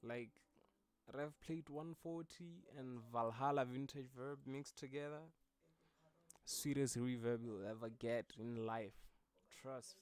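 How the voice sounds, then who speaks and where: A man's voice: mid-range voice, slow, clean tone, dry recording. A man, a music producer, talking through his vocal mix in a loose, casual tutorial way with many fillers. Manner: laid-back, loose, with frequent fillers.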